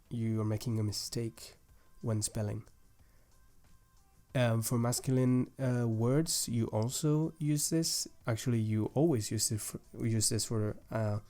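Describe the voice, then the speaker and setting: This language teacher is a young man whose voice is mid-range and mellow. He patiently walks through grammar rules step by step, with small restarts along the way.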